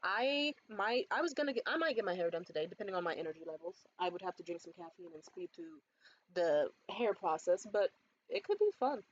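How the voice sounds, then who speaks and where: A young woman in casual vlog chat about a beauty haul, animated and swearing freely, jumping up high when quoting others. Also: fairly quick, lo-fi sound, a little hiss or hum. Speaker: beauty vlogger. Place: bedroom.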